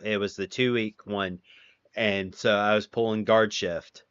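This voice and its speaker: A man's voice: lowish voice, fairly even intonation, a little slow, a bit bright, clean tone, dry recording. A man unhurriedly spinning crude stories on a casual chat stream and voicing everyone in them himself. His sound is dry and close, with a dull, lo-fi edge. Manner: profane, wry storyteller acting out quotes. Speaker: streamer, host.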